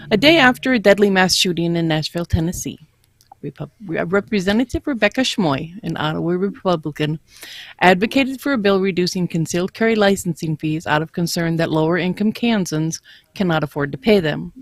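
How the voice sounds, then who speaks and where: A woman with a low voice reads news items on a podcast in a steady, even way. Her voice sounds close and dry. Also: dry recording. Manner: steady, read-aloud delivery. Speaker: podcast co-host.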